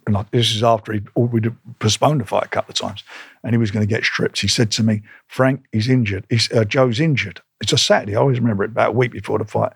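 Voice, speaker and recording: A man's voice: on the low side, racing, vocal fry, slightly rough, dry recording, studio quality. An older man, a boxing promoter telling blunt stories in a casual interview and acting out old conversations. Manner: blunt, animated, re-enacts conversations in quotes.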